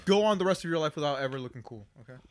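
A man's voice: on the high side, lively intonation, very fast. A man co-hosting a podcast in casual chat, joking and teasing, laughing often. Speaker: podcast co-host.

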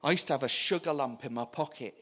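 A man voicing a reformed, earnest man in his eighties, speaking low and soft. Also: quick pace.

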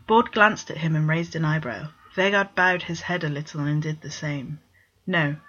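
A woman reading fan fiction aloud with plain, steady narration. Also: deep voice, normal speed, highs cut off. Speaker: story reader.

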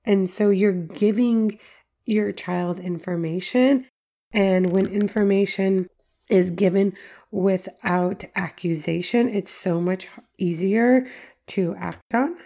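A woman's voice: mid-range voice, slow, gravelly, mellow. A middle-aged woman hosting a podcast, giving instructional parenting talk in a conversational way with frequent "like" fillers. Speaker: podcast host.

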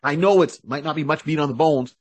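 A man's voice: on the high side, a little fast, no room sound. A man co-hosting a podcast, explaining eagerly and acting out quotes as he talks. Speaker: podcast co-host. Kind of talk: casual chat. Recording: dry close-mic podcast audio.

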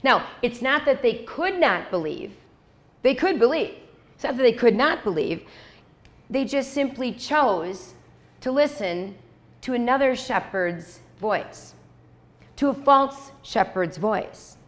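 A woman's voice: fairly high pitch, lively intonation, slow. A woman preaching a sermon in a conversational way, repeating key lines and checking in with "okay?" and "right?". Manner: acts out short dialogues in quoted voices.

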